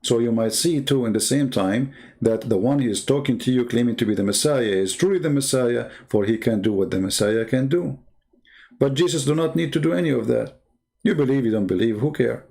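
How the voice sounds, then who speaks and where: A man's voice: medium pitch, fairly quick, vocal fry, darkish tone. A man arguing in a debate, firing mocking rhetorical questions in English with non-native grammar. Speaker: Christian debater. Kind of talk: argumentative debate talk.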